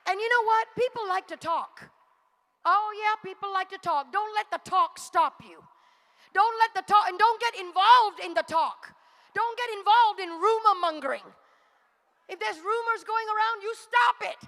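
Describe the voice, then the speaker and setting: A woman's voice: extremely high pitch, moderate pace, pushed and bright, long reverb tail. A woman preacher delivering a fervent sermon to a congregation. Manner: fervent, rising to exhortation.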